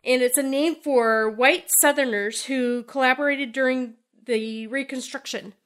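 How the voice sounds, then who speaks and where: High-voiced woman sharing trivia. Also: fairly even intonation, a little slow, a bit bright, smooth. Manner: shares trivia facts, laughs easily. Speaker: podcast co-host. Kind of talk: casual podcast chat.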